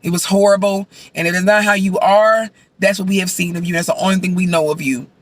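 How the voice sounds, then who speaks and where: A man chatting casually as a vlogger, reviewing a show while he eats, animated and sassy with loud outbursts. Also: high voice, quick pace, no room sound.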